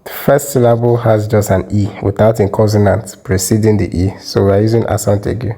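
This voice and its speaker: Gravelly, dark-voiced man teaching French. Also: fairly low pitch, level tone, poor audio. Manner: methodical, repeats example words slowly. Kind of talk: explanatory lesson.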